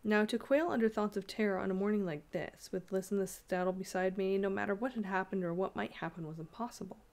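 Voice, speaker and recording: A woman's voice: medium pitch, fast talker, a little mellow. Woman reading a story aloud. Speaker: narrator.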